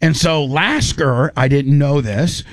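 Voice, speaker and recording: A man's voice: a little high, slow, no room sound, clean studio sound. A man telling a long, rambling story in casual talk, acting out what people said. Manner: animated, rambling, acts out quotes.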